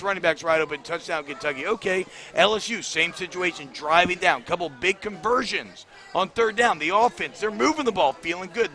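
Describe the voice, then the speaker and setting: A man's voice: high voice, bright, forceful tone. A man co-hosting a postgame sports radio show, breaking down plays with exasperation and occasional cursing. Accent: Louisiana. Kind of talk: animated postgame talk radio analysis. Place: cigar bar.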